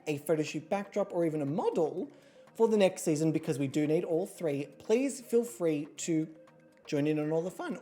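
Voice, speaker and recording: Woman host, casual livestream chat, low mellow voice, very lively pitch, jokey and chatty. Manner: chatty, jokey, swings into squealing high voices. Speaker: streamer hosting an online model competition. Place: home streaming setup with a pet nearby.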